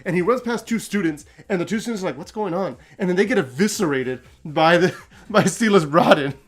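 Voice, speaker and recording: Animated man recapping a story. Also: high voice, fairly quick, slightly rough. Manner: animated, laughs often, acts out quotes. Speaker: host.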